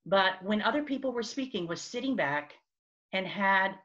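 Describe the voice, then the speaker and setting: A woman giving a conversational workshop talk over a video call, expressive and acting out little examples as she goes. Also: mid-range voice, moderate pace. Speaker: speaker on virtual presence. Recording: dull lo-fi video call audio.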